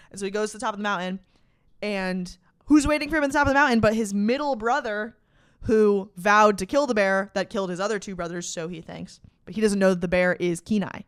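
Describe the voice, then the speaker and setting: A woman's voice: medium pitch, a little fast, smooth, dry recording, clean studio sound. A young adult woman hosting a podcast, retelling a story in casual, profane, slang-filled chat with dramatic emphasis. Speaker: podcast host.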